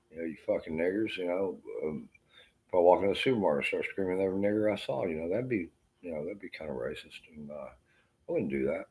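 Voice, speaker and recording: Low-voiced man ranting while in pain. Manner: profane, rambling, bitter. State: in pain, feeling unwell. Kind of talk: rambling rant to camera.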